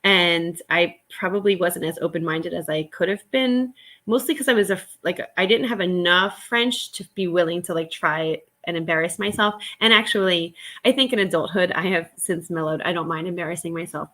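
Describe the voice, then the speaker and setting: A woman hosting a casual live stream while she works. She talks in a chatty, excitable way, laughs often, and greets viewers by name. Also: lowish voice, fairly quick. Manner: laughs often, rambling restarts.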